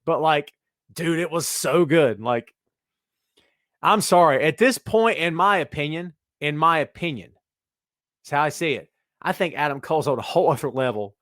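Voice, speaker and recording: Man, middle-aged, podcast host, rambling, jokey, slightly high voice, dry close sound. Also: dry recording. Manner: rambling, jokey, animated, talks to co-hosts and listeners. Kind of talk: casual wrestling podcast chat.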